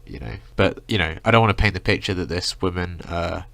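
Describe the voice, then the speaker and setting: A man's voice: low voice, animated, a little fast, vocal fry, pushed and bright, no echo. A young man ranting through a casual storytime, rambling with lots of filler words. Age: young adult. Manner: rambling, full of "like" and "you know". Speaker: vlogger.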